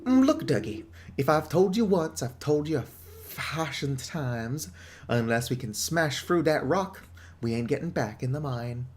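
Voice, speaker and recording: A man voicing a rough, grumpy older male miner in a put-on British accent, gruff and dismissive. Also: on the high side, expressive, a little slow, slight background noise.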